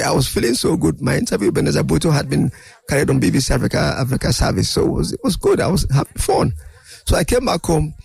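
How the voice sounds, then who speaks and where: An older man, a guest in an interview, telling animated anecdotes and acting out other people's voices. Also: on the high side, vocal fry, husky. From Nigeria. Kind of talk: storytelling interview.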